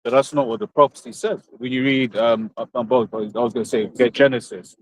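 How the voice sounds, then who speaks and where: A British man in a casual discussion, talking in a halting way and repeating words. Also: medium pitch, fairly even intonation, rough recording. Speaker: podcast co-host.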